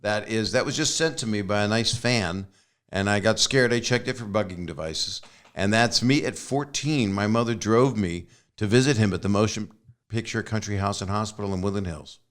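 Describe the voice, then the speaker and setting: A man with a fairly low voice hosts a relaxed conversation. He tells rambling personal stories and drops deadpan, wisecracking jokes into them. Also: normal speed. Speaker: host. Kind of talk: casual conversation.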